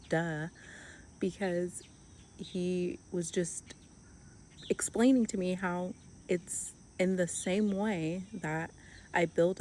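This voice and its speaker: A young woman speaking earnestly and softly in a casual devotional talk, full of "like" fillers. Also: fairly low pitch, slight background noise. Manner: earnest, softly spoken, with many "like" fillers and restarts. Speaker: Christian vlogger.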